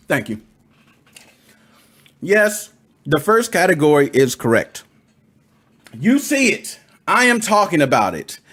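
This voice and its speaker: Husky, animated man hosting a stream. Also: high-pitched. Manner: hyped, slangy, talks straight to chat. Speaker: gaming podcast host. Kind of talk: live-streamed casual podcast talk.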